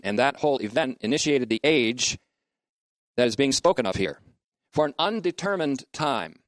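A man's voice: medium pitch, no echo. A man giving a methodical Bible lecture, reading verses and spelling out Greek words letter by letter. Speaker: bible teacher. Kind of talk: scriptural lecture.

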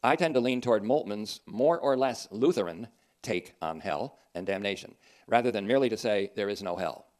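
A man's voice: lowish voice, normal speed, darkish tone. Earnest male preacher with dry asides. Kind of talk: sermon.

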